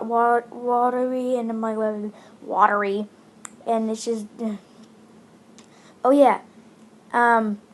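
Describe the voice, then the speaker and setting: A woman from India chatting casually as she comments on a game, rambling with many fillers. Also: a little high. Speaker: gaming channel host.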